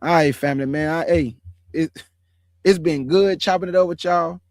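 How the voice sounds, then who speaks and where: A man's voice: on the high side, normal speed, darkish tone, no room sound, studio quality. A man in his forties giving a casual testimony to his online audience, preachy and emphatic, repeating phrases in slangy street talk. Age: 40s. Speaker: streamer.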